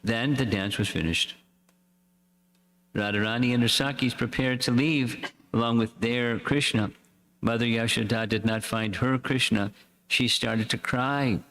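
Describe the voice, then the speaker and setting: A man reading a devotional story aloud in a slow, measured way, as a swami. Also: medium pitch, steady tone, fairly bright tone. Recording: echoey hall reverb.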